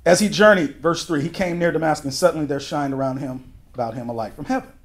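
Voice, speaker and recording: A male pastor with a voice on the high side works verse by verse through a book of the Bible. He talks conversationally, tossing in folksy asides and switching quickly from emphatic delivery to sudden quiet.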